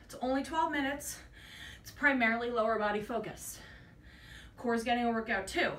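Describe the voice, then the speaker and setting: A woman leading an exercise class, talking through each move while she works out herself. Her voice sits high and sounds bright and energetic, with breathlessness from the effort. The mic is some distance away in a roomy, echoing space with faint background noise. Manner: encouraging, counting reps while exercising. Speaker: fitness instructor. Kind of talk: workout class instruction. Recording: echoey room, mic at a distance.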